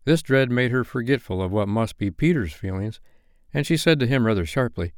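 A man reading a classic novel aloud as a bedtime story, narrating in an expressive, gently wry way. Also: mid-range voice, brisk, no echo, studio quality.

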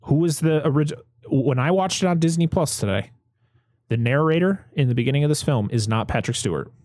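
A man's voice: a little high, animated, fairly quick, darkish tone, no room sound, clean studio sound. A man co-hosting a casual movie podcast, chatty and given to exasperated rants. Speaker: podcast co-host.

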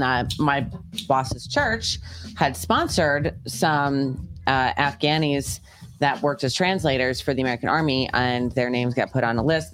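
A woman telling a story in casual podcast chat, lively and quick to swear. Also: very deep voice.

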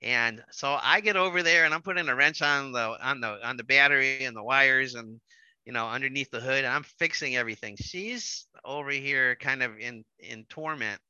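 A middle-aged man telling a personal story in casual conversation, animated and repeating his words as he acts out quotes. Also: mid-range voice, normal speed, clean tone, no room sound, dull audio.

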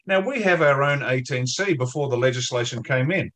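A man's voice: mid-range voice, lively intonation, fairly quick, fairly bright tone. An Australian man in an interview, blunt and emphatic, telling pub-style stories in colloquial language. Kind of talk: interview discussion.

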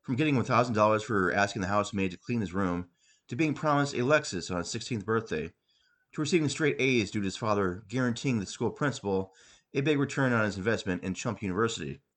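A man hosting a podcast, reading his own comic story aloud with wry, deadpan narration. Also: fairly low pitch, quick pace. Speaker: podcast host and author.

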